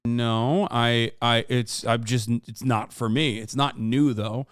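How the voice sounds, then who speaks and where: A man's voice: mid-range voice, steady tone, slow, clean tone, no echo. Swearing man in his thirties, dry close mic. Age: 30s. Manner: rambling, swearing, many fillers and restarts, bursts of loud exasperation. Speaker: streamer and political commentator. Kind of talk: casual reaction-stream commentary.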